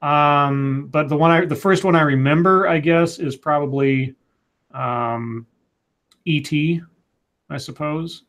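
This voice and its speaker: A man's voice: on the high side, fairly bright tone. Stammering man reading chat comments. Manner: stammering restarts, halting and rambling. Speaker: co-host. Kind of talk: casual livestream chat reading viewer comments.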